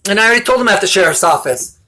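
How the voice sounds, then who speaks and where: A man's voice: high voice, animated, racing, sharp tone. A man talking straight to his viewers in a rambling, intense and defiant monologue. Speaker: vlogger.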